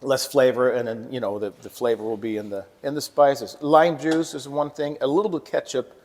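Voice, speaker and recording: A man's voice: medium pitch, brisk, long reverb tail. A man from Sweden with no accent, a guest chatting casually while cooking, telling stories and mimicking voices. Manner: lively storyteller, mimics other voices. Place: kitchen set.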